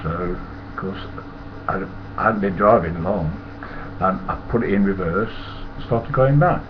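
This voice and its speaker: An older man with a Nottingham accent rambles through casual anecdotes, chuckling and swearing freely. His voice is low and a little slow. The recording is muffled and lo-fi, with loud hiss.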